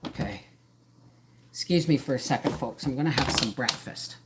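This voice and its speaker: A woman's voice: a bass voice, moderate pace, very noisy. A middle-aged woman hosting a casual live stream from her home kitchen, rambling and jumping between topics as she chats. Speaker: homesteader livestream host.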